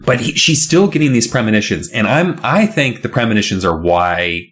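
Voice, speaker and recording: A man co-hosting a casual chat, recapping a book with jokes and quick silly voices for the characters. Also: fairly low pitch, lively intonation, a bit bright. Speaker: podcast co-host recapping a book.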